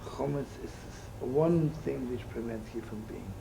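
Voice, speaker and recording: A man's voice: medium pitch, expressive, unhurried, vocal fry. A man giving a storytelling sermon with jokes, acting out the voices in his stories. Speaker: rabbi giving a talk. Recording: live talk with faint room noise.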